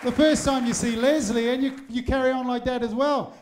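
Male host for a live evening event. High voice, handheld mic, playful teasing patter, faint crowd murmur behind. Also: fairly even intonation, fairly quick, noisy background. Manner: jokey, rousing crowd address with teasing asides. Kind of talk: compering a live supporters' evening. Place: packed hotel function room. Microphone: handheld microphone. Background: faint crowd of supporters.

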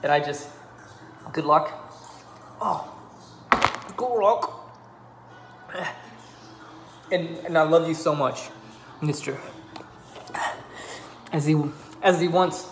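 Slow and full of long pauses, a slightly high male voice delivers a tongue-in-cheek video plea for a friend to come home. It's melodramatic and playful, ending in laughter, with reverb and a little background noise around him.

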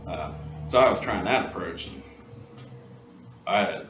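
A lowish male voice tells a fishing tale with lively, acted-out bits of dialogue. He sits back from the mic in an echoey workshop. The sound is a bit dull, with faint hiss underneath. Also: a little slow, recorded from a distance. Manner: animated storyteller, acts out others' lines. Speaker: guest angler. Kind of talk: casual storytelling.

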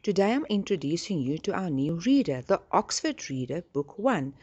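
A woman teacher giving a slow spelling lesson to young children, spelling words letter by letter and encouraging them. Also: fairly low pitch, sing-song, dark tone, husky, lo-fi sound.

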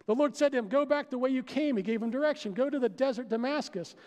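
Pastor guy preaching, really high voice, big echoey church hall. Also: quick pace. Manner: animated, asks the crowd questions. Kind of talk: sermon. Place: church sanctuary. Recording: long hall reverb.

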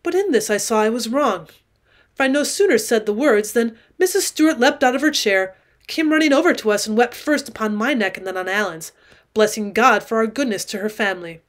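A woman reads a classic adventure novel aloud for students, in a fairly high voice. She narrates plainly and gives the characters' speeches extra push and emphasis. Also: expressive, fairly quick. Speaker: teacher reading aloud.

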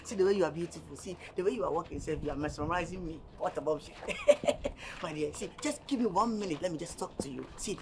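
A man's voice: a little high, quick pace, hardly any pauses, close to an everyday voice. Guy playing a nigerian flirt who won't quit, laughs a lot, teasing and pushy, bit of noise behind. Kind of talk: Nollywood film acting.

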